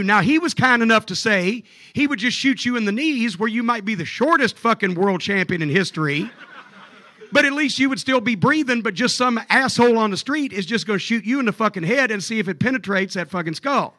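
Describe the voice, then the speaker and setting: A man telling profane stories on stage at a live comedy club show, animated and jokey. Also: high-pitched, a little fast, no echo.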